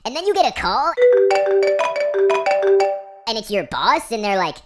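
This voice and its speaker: A woman telling an absurd comic story as a monologue, exasperated and deadpan. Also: fairly high pitch, a little slow. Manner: exasperated, deadpan storytelling, lively swings between voices. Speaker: comedian. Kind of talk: comedic monologue. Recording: music behind the voice.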